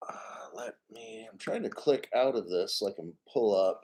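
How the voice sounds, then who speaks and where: A man's voice: lowish voice, lively intonation, normal speed, vocal fry, dark tone, husky. A man hosting a casual crypto livestream, rambling and swearing as he reads out viewer names and chat.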